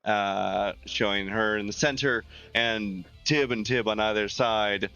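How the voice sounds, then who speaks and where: A man's voice: fairly low pitch, steady tone, a little slow, pushed and bright, smooth, lo-fi sound. A man playing a tabletop game, describing his character's actions in a rambling, filler-heavy way. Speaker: player.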